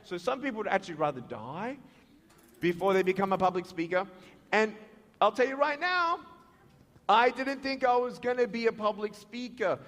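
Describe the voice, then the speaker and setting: A man with an Australian accent giving a motivational speech, telling stories in an animated way with sound effects and acted-out dialogue, in a large hall. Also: sits high, moderate pace. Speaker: motivational speaker. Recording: echoey hall reverb.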